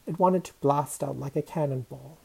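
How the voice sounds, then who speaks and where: A woman reading a children's story aloud, expressive and changing her voice for each character. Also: rumbling low, normal speed, vocal fry, husky, low-quality recording.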